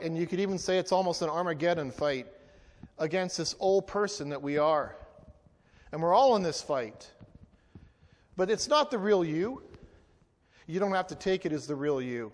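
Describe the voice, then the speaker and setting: A man preaching as a pastor, lively and playful, asking the congregation to repeat lines after him. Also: high-pitched, moderate pace, pauses often. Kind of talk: sermon. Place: church hall. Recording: long hall reverb.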